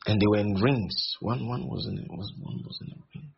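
Gravelly husky-voiced preacher man. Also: fairly low pitch. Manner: repeats lines for emphasis, slows on key phrases. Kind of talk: sermon. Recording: dull lo-fi recording.

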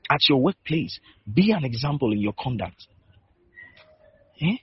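Male pastor, mid-pitched and breathy-rough, preaching in insistent repeated commands; muffled lo-fi sound. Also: big pitch swings, a little slow, slight background noise. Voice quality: husky. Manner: repetitive, emphatic exhortation with rhetorical questions. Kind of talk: sermon. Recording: dull lo-fi recording.

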